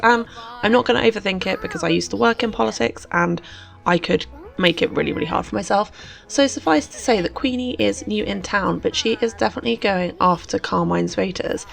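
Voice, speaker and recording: A woman's voice: medium pitch, creaky, fairly bright tone. A woman, a host chatting playfully through casual game commentary. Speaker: let's play host.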